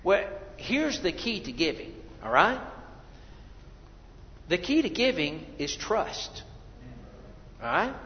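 A man's voice: sits high, big pitch swings, slow pace, pauses often, slight background noise. A male pastor preaching a sermon in a church, earnest and conversational, repeating his words and asking the congregation questions. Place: church sanctuary. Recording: dull audio with long hall reverb.

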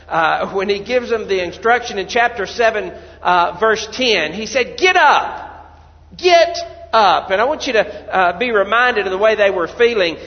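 A man preaching a sermon as pastor, swinging from quiet, low asides to loud, pleading cries. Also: in a large hall, highs cut off. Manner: preaching with sudden loud cries when voicing people praying.

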